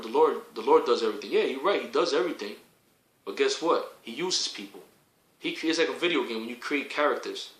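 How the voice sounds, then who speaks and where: A man preaching in a fiery, foul-mouthed rant, hammering his points again and again and rising to shouts. His voice is bright and pushed. It rings out in an echoey room. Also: mid-range voice, fast.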